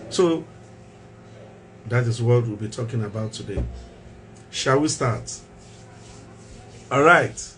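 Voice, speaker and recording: A man's voice: on the high side, fairly bright tone, a little hiss or hum. Emphatic male mental health show host. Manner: emphatic, repeats key phrases, rhetorical questions.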